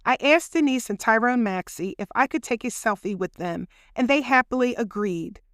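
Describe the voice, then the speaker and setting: A woman tells her own story in a relaxed, chatty way, talking straight to her listeners as if to friends. Her voice sits a little high, and the recording is dry and close, with no room sound. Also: normal speed, no echo. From Philadelphia. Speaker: podcast host telling her own story. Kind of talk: casual personal storytelling.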